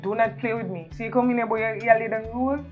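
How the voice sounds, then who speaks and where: A woman's voice: fairly high pitch, steady tone, fast talker, phone-quality sound, soft background music, natural voice. A woman playing the father's stern girlfriend, lecturing the daughter.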